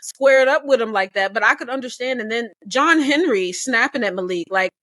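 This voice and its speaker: A woman co-hosting a casual book club discussion, animated and opinionated, acting out the characters' lines as she talks. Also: on the high side, moderate pace, no room sound, clean studio sound.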